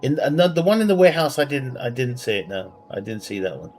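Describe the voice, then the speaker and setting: A man's voice: mid-range voice, fast talker, a little mellow. A man doing casual livestream commentary on a strategy game from his bedroom. He reads viewer questions aloud, rambles, and laughs at his own jokes. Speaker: game streamer. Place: home bedroom.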